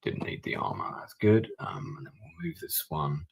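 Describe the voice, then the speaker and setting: A man's voice: lowish voice, sing-song, normal speed, a little hiss or hum. A man streaming a strategy war game, thinking aloud and muttering over his moves as he plays. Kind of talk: live-stream gameplay commentary.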